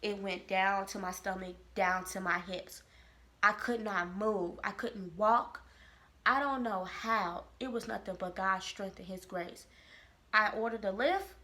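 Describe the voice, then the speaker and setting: A woman from Kansas City, telling a personal story to camera in a lively, expressive way. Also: medium pitch, unhurried. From Kansas City, Missouri. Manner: animated, expressive storytelling with quoted voices. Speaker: vlogger. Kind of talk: casual storytelling.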